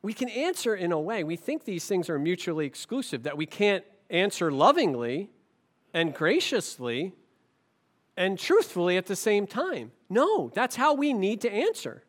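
A man preaching a sermon as pastor, impassioned, swinging from forceful emphasis down to low, quiet stretches. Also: very animated, moderate pace. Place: church sanctuary.

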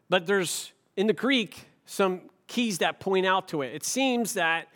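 A man delivers a sermon in a slightly higher-than-usual voice. He talks in an easy, conversational way and turns to the congregation with rhetorical asides. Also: a bit bright. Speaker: pastor.

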